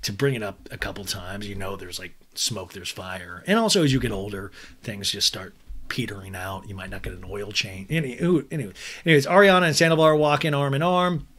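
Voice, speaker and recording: A man's voice: on the low side, fairly quick, a bit bright. A man hosting a podcast, giving a chatty, crude comedic recap of a reality show. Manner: chatty and crude, acting out the cast's lines in mock voices.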